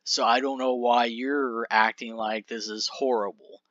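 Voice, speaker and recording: A man voicing a calm, reasoning wrestler. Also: mid-range voice, a little slow, no echo, dull audio, close to an everyday voice. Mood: placating. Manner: reasoning, placating. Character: calm male wrestler soothing his upset partner.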